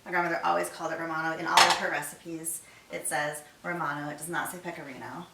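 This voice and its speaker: A middle-aged woman chef hosts a casual cooking video in her home kitchen, chatting and talking herself through each step. Her low voice moves fast with fairly even intonation, and the audio is very noisy, recorded from far off in an echoey room with clattering dishes, clinking cutlery, pots and pans.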